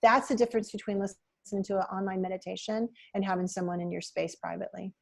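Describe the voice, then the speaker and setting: A woman's voice: mid-range voice, steady tone, fast, gravelly. Earnest woman telling reflective stories. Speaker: hypnotherapist guest. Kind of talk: conversational interview.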